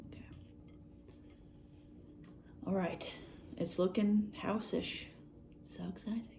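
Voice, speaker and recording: A woman's voice: mid-range voice, fairly even intonation, slow, warm tone, whispered. A young woman chatting casually and joking while crafting at home with a friend. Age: young adult. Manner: playful, jokey, laughs often. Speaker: vlogger. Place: home, indoors.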